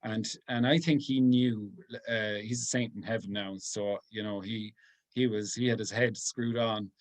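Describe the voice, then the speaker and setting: A man, a priest giving an informal talk to a group. He speaks earnestly and softly, pausing often as he thinks aloud. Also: on the low side, steady tone. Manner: halting, thinking aloud with many pauses.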